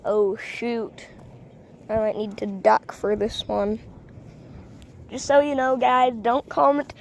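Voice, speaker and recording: A woman's voice: a little high, fairly even intonation, slow, vocal fry, pauses often, a little mellow. A woman vlogging casually outdoors on a street into a phone, rambling and hesitant with many ums. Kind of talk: casual vlog.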